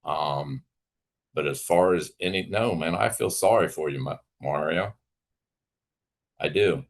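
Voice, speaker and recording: An adult livestream host with children rants angrily at a rival, swearing freely, mocking him, and dripping with sarcasm. His voice is a rumbling low with vocal fry, delivered at a measured pace.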